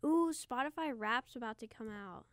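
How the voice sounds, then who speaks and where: A young woman co-hosting a podcast in a smooth, clear voice. She rambles casually and drops slang as she talks. The recording is dry and close. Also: on the high side, expressive, normal speed, dry recording. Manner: chatty, rambling, uses slang. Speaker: podcast co-host. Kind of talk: casual chat.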